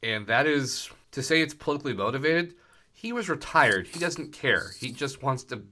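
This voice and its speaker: A man's voice: medium pitch, big pitch swings, moderate pace, bright, forceful tone. A man co-hosting a podcast, rambling through casual political chat in a sardonic way with many restarts. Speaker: podcast co-host.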